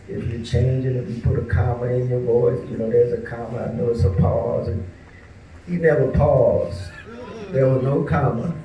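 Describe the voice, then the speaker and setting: Man, warm storyteller at a tribute, folksy and unhurried, recorded off-mic in a roomy space with faint noise. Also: medium pitch, far from the mic. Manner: unhurried, folksy, frequent pauses and fillers. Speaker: speaker at a memorial tribute. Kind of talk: personal storytelling.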